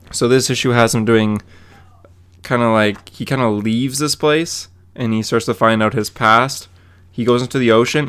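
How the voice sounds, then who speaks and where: A man's voice: on the low side, clear, resonant tone. A man co-hosting a podcast, recapping a comic issue in a rambling, casual way with lots of fillers and quoted dialogue. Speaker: podcast co-host.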